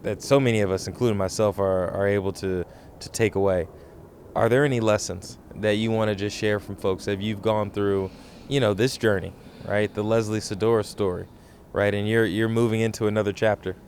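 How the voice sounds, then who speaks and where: A man hosting a casual interview, relaxed and easygoing, often repeating his words. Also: fairly low pitch, slight background noise. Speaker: host.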